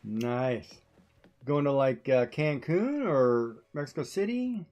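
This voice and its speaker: A woman's voice: very deep voice, lively intonation, takes it slowly, dark tone, soft background music. A woman streamer chatting casually as she plays, telling stories with frequent laughter. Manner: chatty storytelling, laughing often. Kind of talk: casual chat while playing a game.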